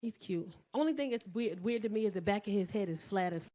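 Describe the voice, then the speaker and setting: A woman in her forties from the South Bronx with a New York accent, doing a profane, brash stand-up set that jumps into loud shouted punchlines. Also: mid-range voice, lively intonation, a little fast. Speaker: stand-up comedian.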